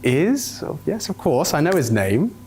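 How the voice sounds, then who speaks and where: Man, flustered interviewer, stammers, slow, higher voice. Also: big pitch swings, a little mellow, a little hiss or hum. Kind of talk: comedy skit.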